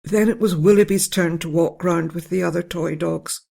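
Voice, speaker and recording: A storyteller reading a children's bedtime story in a gentle, steady way. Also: mid-range voice, moderate pace, gravelly. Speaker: narrator.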